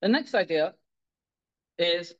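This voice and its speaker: This rabbi's voice sits high and moves slowly, captured on a muffled recording. His Torah talk is a storytelling sermon, delivered with animation, with frequent restarts as he acts out the characters he quotes.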